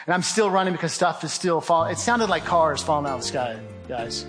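A man's voice: a little high, lively intonation, fairly quick, over music. A man giving a vivid, urgent testimony talk, telling a survival story with remarks of faith. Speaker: guest speaker.

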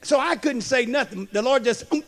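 A man preaching a sermon as a pastor, slow and emphatic, tossing in "amen" and questions to the congregation. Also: extremely high pitch, fairly bright tone. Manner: preaching with call-and-response asides; slow, emphatic delivery with storytelling.

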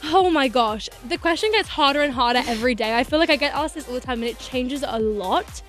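A woman's voice: sits high, expressive, fairly quick, a bit bright, faint music behind. A teenage girl, a singer and actor chatting as a radio guest, bubbly and gushing with lots of fillers. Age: teens. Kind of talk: casual radio interview. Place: radio studio.

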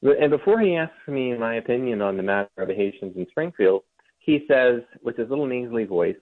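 A man's voice: mid-range voice, lively intonation, brisk. A man from Ohio, a guest author, telling a long story in an interview and often restarting his sentences. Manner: storytelling, with frequent restarts and mocking mimicry. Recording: tinny phone-like remote line.

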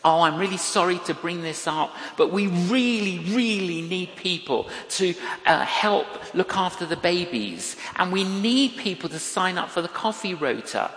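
An apologetic church pastor, as a preacher mimics him, begs for help in a slightly quicker, lifted voice. The sound rings around a large hall with long reverb. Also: male voice, high voice, lively intonation, fairly bright tone.

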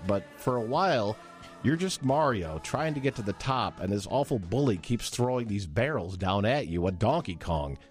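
A middle-aged man co-hosting a casual countdown chat, telling stories and jumping into quoted voices. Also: fairly low pitch. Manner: animated storyteller, jumps into quoted voices. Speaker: co-host.

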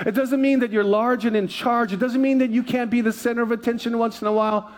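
A man's voice: extremely high pitch, fast talker. A male pastor preaching a sermon, telling self-deprecating personal stories with lots of laughter. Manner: animated storyteller, self-deprecating, laughing often.

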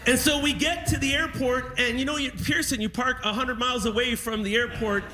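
A man doing stand-up on a live stage, telling animated stories and acting out his father. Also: very high-pitched, a little fast, a crowd in the background. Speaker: stand-up comedian. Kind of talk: stand-up comedy set. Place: live comedy stage in a music hall.

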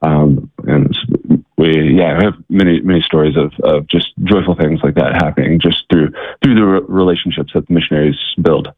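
A man talking as an interview guest, telling stories in a halting way, with many fillers and repeated words. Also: extremely low pitch, fairly even intonation, slightly rough, no echo. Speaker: guest, charity worker. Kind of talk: casual interview storytelling. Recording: tinny, dry phone-like line.

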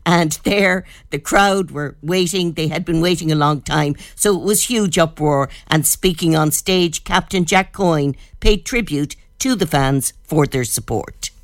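An Irish woman, a radio news editor, reporting in a measured storytelling manner. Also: low-pitched, no echo, clean studio sound.

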